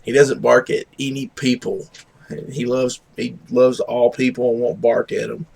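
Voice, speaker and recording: A relaxed man drawls through casual chat with his stream viewers at an unhurried pace. His talk rambles and he pokes fun at himself. He sounds easygoing and unscripted on a streaming microphone. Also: creaky. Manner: laid-back, rambling, self-deprecating; coos at his dog in high baby talk. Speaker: livestream host.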